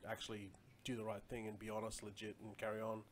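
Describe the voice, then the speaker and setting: A man's voice: on the low side, monotone, quick pace, a little hiss or hum. A man chatting casually on a live stream, rambling loosely and answering viewer comments as he goes.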